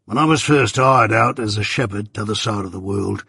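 A blunt, hungry old ex-convict , as a man puts him on for an audiobook, growls out his words in a gravelly, husky voice. His speech is rough and rustic, and he keeps saying "dear boy". The sound is close and dry. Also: fairly low pitch, normal speed, pushed and bright, no echo, full character voice. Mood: gruff, wary. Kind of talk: audiobook character voice.

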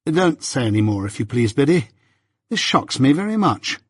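A man reading an audiobook, voicing a proud, touchy young gentleman who speaks with self-righteous indignation. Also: mid-range voice, very animated, moderate pace, husky, no echo, clean studio sound. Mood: indignant.

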